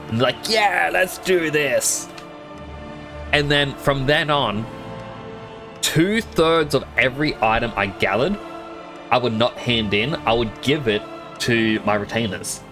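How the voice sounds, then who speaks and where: A young man telling a long gaming anecdote on a stream, slipping into quick voices for the other players he quotes. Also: on the low side. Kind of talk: casual storytelling while gaming.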